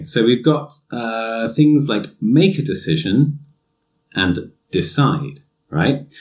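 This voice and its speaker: Relaxed low-voiced man musing on grammar. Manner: relaxed and musing, with many fillers and restarts. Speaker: English teacher and podcast host. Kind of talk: casual podcast lesson.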